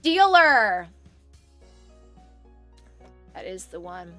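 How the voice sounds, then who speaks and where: A woman's voice: high voice, expressive, normal speed, bright, forceful tone, faint music behind. A young woman streaming from her room at home, chatting casually and rambling, with frequent swearing. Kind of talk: casual chat on a live stream.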